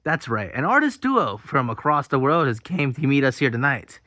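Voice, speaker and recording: A man's voice: medium pitch, big pitch swings, normal speed, few pauses, sharp tone, dry recording. A man hosting a mock news broadcast in a plush comedy skit, rambling and mock-serious with many self-interruptions. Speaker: host of a plush comedy channel.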